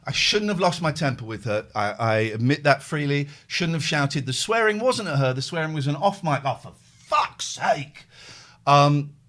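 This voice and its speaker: Male host, middle-aged, animated storyteller, slightly higher voice with a lively, swinging delivery. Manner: animated storyteller, acts out phone calls, thanks subscribers. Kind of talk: casual chat, livestream storytelling.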